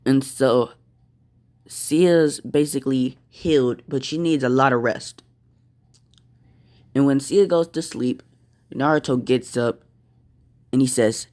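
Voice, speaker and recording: A man narrating an improvised fan story at a very slow pace. His speech is halting, full of pauses and restarts. His voice sits in a mid pitch. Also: darkish tone.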